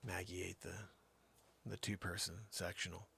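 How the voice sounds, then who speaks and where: A man's voice: low voice, little pitch movement, moderate pace, gravelly, pushed and bright, a little hiss or hum. A middle-aged man hosting a comedy show, spinning a rambling tall-tale monologue with theatrical jumps in voice.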